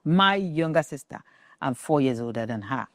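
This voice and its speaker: A woman's voice: low-pitched, lively intonation, moderate pace, no echo, clean studio sound. A Nigerian woman telling a family story as an interview guest, acting out the voices of the people in it.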